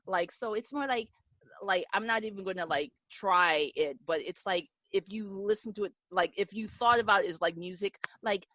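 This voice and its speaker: A woman hosts a casual podcast chat, rambling along with plenty of filler words. Her voice sits at a middling pitch. The audio is a little dull and muffled, with no room echo at all. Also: moderate pace, sharp tone. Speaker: podcast host.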